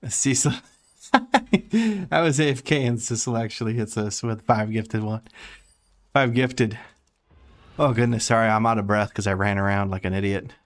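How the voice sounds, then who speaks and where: A man's voice: lowish voice, animated, normal speed. A young man chatting casually while streaming a game, reading and answering chat with frequent laughter.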